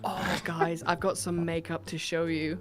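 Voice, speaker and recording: A woman's voice: lowish voice, level tone, a little slow, music in the background. A woman hosting a casual live stream from home, chatty and laughing, reading out viewer messages. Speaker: livestream host.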